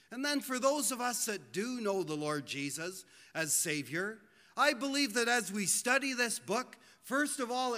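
A man preaching a sermon in a church, earnest and pleading, slowing down to stress his points. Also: high voice, sharp tone. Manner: earnest, pleading, slows for emphasis. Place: church hall. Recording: long hall reverb.

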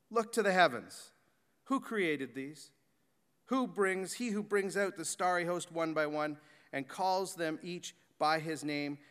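A man preaching a sermon, moving from excited, animated talk to hushed, slow reverent passages. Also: a little high, smooth. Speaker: pastor. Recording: echoey hall reverb.

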